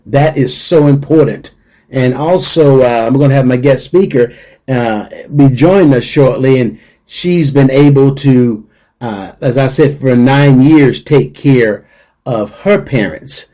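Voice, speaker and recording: A man's voice: mid-range voice, a little slow, warm tone. A middle-aged man hosting a radio talk show, speaking earnestly and repeating his key points for emphasis.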